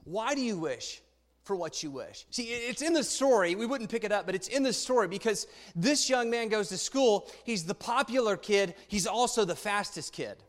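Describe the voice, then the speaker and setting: A man preaching to a youth congregation in a lively, conversational way, asking the listeners questions and reading a story aloud. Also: high-pitched, moderate pace, hardly any pauses. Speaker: pastor speaking to a youth congregation. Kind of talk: sermon with a read-aloud story. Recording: long reverb in a church hall.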